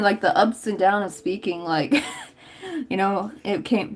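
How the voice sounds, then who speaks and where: A young woman from Tennessee with a light Southern lilt, talking to her stream while she works on a craft. She rambles in a friendly, loose way, full of fillers and small laughs. Her pitch sits in the middle for a woman. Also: sing-song, moderate pace, darkish tone, breathy edge. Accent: Southern American. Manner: chatty and rambling, lots of "like" and laughs. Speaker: crochet livestream host. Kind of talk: casual livestream chat while crafting.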